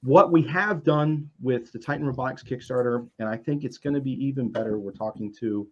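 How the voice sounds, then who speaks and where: A man's voice: medium pitch, a little fast, darkish tone. Sex: man. Role: publisher guest on a stream panel. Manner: hesitant, restarts often. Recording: dull lo-fi video call audio. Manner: hesitant, many fillers, self-interrupting. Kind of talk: casual panel chat on a livestream.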